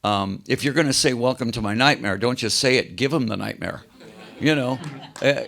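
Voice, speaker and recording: Older male rock singer, gravelly, animated storyteller on a video call. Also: medium pitch, normal speed, a little hiss or hum. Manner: animated anecdotes, acts out quoted voices. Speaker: interview guest, rock singer. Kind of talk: casual storytelling interview.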